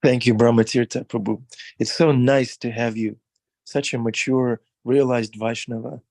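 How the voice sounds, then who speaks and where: Gravelly man moderating a class. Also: mid-range voice, fairly even intonation, normal speed, darkish tone, no echo.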